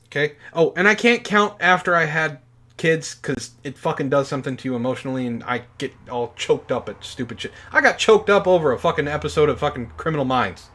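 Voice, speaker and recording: A man in his forties co-hosting a podcast, telling stories in a profane, animated casual chat. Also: medium pitch. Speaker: podcast co-host.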